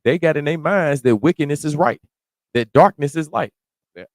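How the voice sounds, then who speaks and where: A man preaching verse by verse, reading scripture slowly and then explaining it in casual slang, sometimes rising to a shout. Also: a little high, dry recording. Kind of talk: verse-by-verse sermon.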